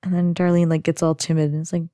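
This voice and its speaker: Brief: young female host, casual recap, low mellow voice, dry close mic. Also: little pitch movement, fast talker, dry recording. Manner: chatty, heavy on "like" fillers. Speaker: podcast host recapping a sitcom.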